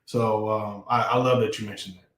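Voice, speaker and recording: A man who raps, talking as an interview guest in a relaxed, casual way with many fillers. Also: lowish voice, moderate pace. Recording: roomy, echoey sound.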